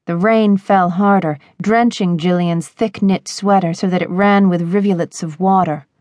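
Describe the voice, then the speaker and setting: A woman narrating a romance audiobook in a measured, expressive reading on a close studio mic. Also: lowish voice, dry recording.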